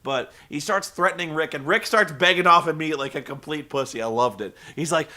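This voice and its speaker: A man's voice: fairly high pitch, fast, hardly any pauses, sharp tone. A man giving a casual recap of a wrestling show, rambling and swearing freely with many restarts. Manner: profane, rambling, with frequent restarts.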